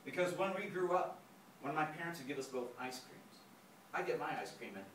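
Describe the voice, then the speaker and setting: In a lecture room, a man tells a story live with a brisk, animated delivery packed with sound imitations and a lively, expressive pitch. He sounds distant, his voice echoing through the roomy space amid clear background noise.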